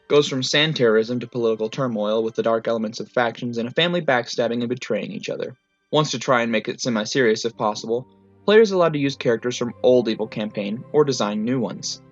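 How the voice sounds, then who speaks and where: A man reading tabletop game stories aloud in a clipped, matter-of-fact, deadpan way. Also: medium pitch, slightly rough. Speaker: narrator reading fan stories. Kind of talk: storytelling reading. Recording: slightly muffled, faint music.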